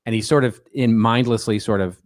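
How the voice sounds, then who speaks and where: A man's voice: medium pitch, steady tone, brisk, dry recording, studio quality. A middle-aged man co-hosting a podcast in casual banter, telling stories in a chatty, wry way and often restarting his sentences. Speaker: podcast co-host.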